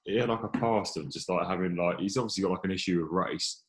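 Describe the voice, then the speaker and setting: A man's voice: deep voice, quick pace. A man in casual podcast chat, asking questions and using lots of fillers. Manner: chatty, asks questions, uses many fillers. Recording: echoey room.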